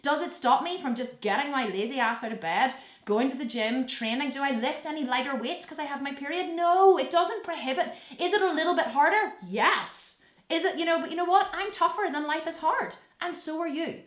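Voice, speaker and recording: A woman's voice: high voice, fairly quick, fairly bright tone, roomy sound. A woman in her thirties chatting bluntly and sassily to camera, swearing freely and mimicking people in playful voices. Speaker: fitness vlogger answering viewer questions. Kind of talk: casual direct-to-camera chat.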